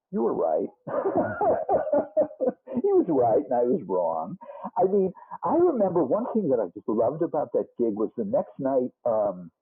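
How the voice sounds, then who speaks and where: A man in his sixties with a Boston accent tells rambling rock-and-roll stories in a lively voice that swoops up and down. His voice is slightly husky and sounds squeezed and narrow, like a phone line. He keeps restarting sentences and throwing in asides. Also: medium pitch. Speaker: musician interview guest. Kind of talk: casual storytelling interview. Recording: muffled phone-like band.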